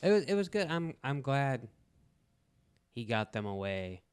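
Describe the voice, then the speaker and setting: A man's voice: mid-range voice, big pitch swings, measured pace, clean tone, no room sound, clean studio sound. A man co-hosting a casual podcast, chatting in a laid-back way with short replies. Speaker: podcast co-host. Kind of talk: casual chat.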